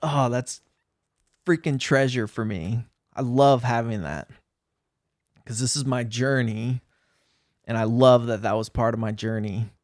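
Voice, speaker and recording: A man talking casually to camera in a vlog, laughing at himself and telling a story in an animated, self-mocking way. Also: medium pitch, measured pace, long pauses, dry recording, clean studio sound. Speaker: vlogger.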